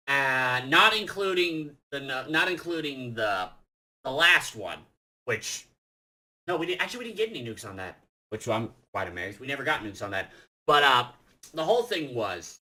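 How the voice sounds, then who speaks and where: A young man telling gaming stories in a rambling way, swearing often, correcting himself, and getting loud and laughing as he gets excited. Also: mid-range voice. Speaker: gaming vlogger. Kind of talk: casual storytelling.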